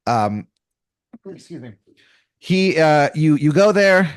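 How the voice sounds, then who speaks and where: A man's voice: on the high side, lively intonation, slow, clear, resonant tone, no room sound, clean studio sound. A man running an improvised comedy story as game master, rambling and casual with lots of fillers, restarts and crude slang.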